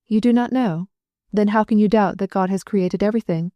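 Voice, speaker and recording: A woman voicing a kindly, weary little old priest who speaks rapidly without pause, in an audiobook. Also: medium pitch, no room sound, muffled recording, lightly acted. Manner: rapid, habitual, unbroken delivery.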